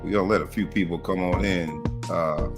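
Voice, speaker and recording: A man hosting a sports talk podcast with energetic, rhythmic hype delivery. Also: deep voice, brisk, music in the background. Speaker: podcast host.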